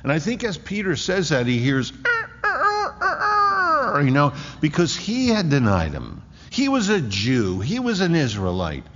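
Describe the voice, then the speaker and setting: A man preaching a sermon in an emphatic way, often restarting with quick repeated words. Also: medium pitch, huge pitch swings. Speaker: pastor. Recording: echoey hall, dull lo-fi sound.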